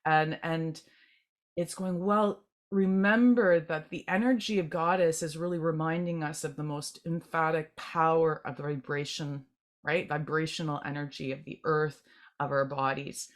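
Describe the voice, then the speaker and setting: A woman giving a channeled group tarot reading, gentle and meandering, often restarting and repeating words as she speaks. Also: sits low, steady tone, moderate pace. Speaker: tarot reader.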